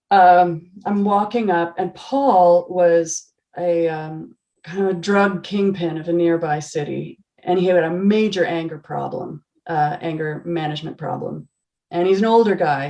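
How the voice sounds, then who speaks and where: A yoga teacher in her forties tells a story over a video call, earnest and animated, laughing and restarting as she goes. Her voice is on the lower side.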